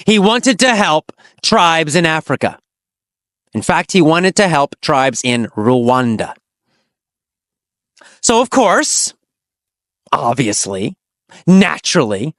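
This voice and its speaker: An English teacher tells a teaching story, posing simple questions and then answering them herself. Her storytelling is slow and exaggerated with dramatic swings in pitch, recorded in studio quality with no room sound.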